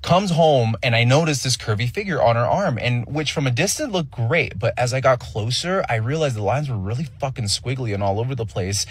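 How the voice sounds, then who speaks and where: A man telling a personal story in an animated, profane way. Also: mid-range voice, a little fast, few pauses, breathy edge. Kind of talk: storytelling anecdote.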